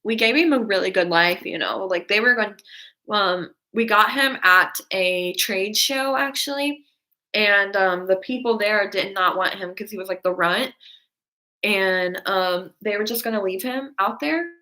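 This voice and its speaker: A young woman speaks a little slowly in a mid-range voice that sounds pushed and bright. Hosting a laid-back live stream, she chats in a meandering way full of "like" and "um," picking up on viewer comments.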